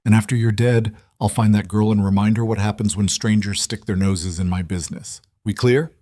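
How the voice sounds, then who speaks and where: A man's voice: fairly low pitch, steady tone, brisk, mellow, close to an everyday voice. Man voicing a mocking outlaw boss. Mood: mocking menace. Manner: taunting, menacing drawl. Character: ruthless male outlaw gang leader, mocking. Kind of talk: audiobook story narration.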